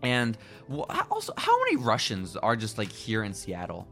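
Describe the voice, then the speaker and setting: Low-voiced young man recapping a movie. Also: huge pitch swings, moderate pace, pushed and bright, soft background music. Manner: loose, profane movie recap. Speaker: podcast co-host. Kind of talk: casual chat.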